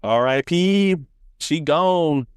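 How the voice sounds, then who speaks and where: A podcast co-host dramatically retelling an emotional scene in casual chat. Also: male voice, extremely slow, smooth, no room sound, clean studio sound. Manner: expressive, dramatic retelling with big pitch swings.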